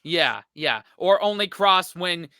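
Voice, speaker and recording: American man, casual reaction chat, bright clear voice, dry close sound. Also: high-pitched, animated, slow, no room sound. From United States. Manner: rambling, hesitant, joking. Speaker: reaction channel host.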